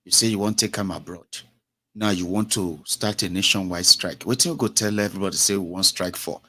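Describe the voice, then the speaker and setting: A Nigerian radio host with a fairly low male voice, talking in a loose, lively way. He moves between English, Pidgin and Yoruba. He acts out the voices of the people he quotes. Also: brisk, breathy edge. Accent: Nigerian, Yoruba-speaking. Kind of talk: casual solo broadcast talk.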